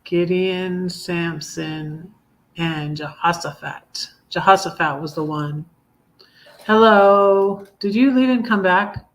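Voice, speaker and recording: This middle-aged woman's voice sits on the low side as she hosts a livestream, mixing relaxed conversation with readings of poems she wrote. Her speech is halting and full of ums, false starts and gentle laughter, and she becomes visibly moved while reading.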